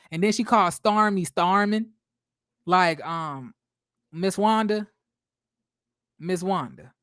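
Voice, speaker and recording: A man's voice: high voice, a bit bright, dry recording, clean studio sound. A man giving casual, sassy, blunt commentary on a reality show, full of profanity and fillers. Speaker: reality TV recap vlogger.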